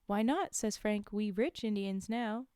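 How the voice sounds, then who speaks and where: A woman's voice: medium pitch, measured pace, warm tone, smooth, no room sound, studio quality. A woman streaming a book reading, reading the text plainly and breaking off for chatty, amused asides.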